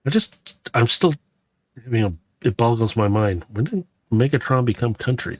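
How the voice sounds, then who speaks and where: Building a Lego set on camera, this Missouri man keeps up a chatty, meandering commentary at normal speed. His mid-range voice has lively intonation, and he often uses fillers and corrects himself.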